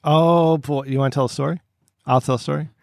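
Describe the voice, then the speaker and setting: A man's voice: mid-range voice, flat delivery, very fast, creaky, no room sound, clean studio sound. A man co-hosting a podcast in casual chat, telling rambling stories with crude jokes and lots of restarts. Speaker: podcast co-host.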